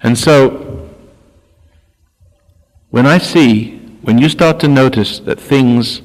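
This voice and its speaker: With a medium-pitched voice and a slow pace, an older man, a spiritual teacher, gives his talk. Frequent stops, restarts and repeated words mark his delivery, and the hall reverb is long.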